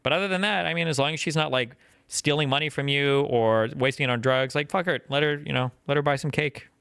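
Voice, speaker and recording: A man hosts a casual call-in show, giving blunt advice. He talks very quickly, with lots of "like" fillers. His voice is smooth and clear in a dry, close setting. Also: fairly high pitch, fairly bright tone, no echo. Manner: rapid, many "like" fillers, blunt. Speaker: podcast host.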